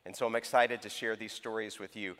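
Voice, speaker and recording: A man leading a church service, encouraging and lively, with some fillers, recorded in a church sanctuary. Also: fairly low pitch, a little fast. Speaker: church service leader interviewing students. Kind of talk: live church talk. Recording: echoey hall.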